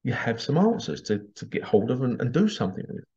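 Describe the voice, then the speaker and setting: A man's voice: medium pitch, sing-song, brisk, darkish tone, breathy edge. A man, a psychic medium hosting a casual monologue, chatty, laughing often and acting out the voices he quotes. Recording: dull lo-fi sound.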